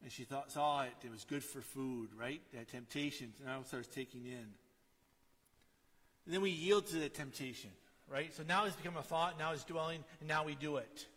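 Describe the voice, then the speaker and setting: A middle-aged man preaching a sermon in a conversational way, often asking "right?" and dropping to a quiet storytelling tone. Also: a little high, normal speed, big-room sound. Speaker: pastor.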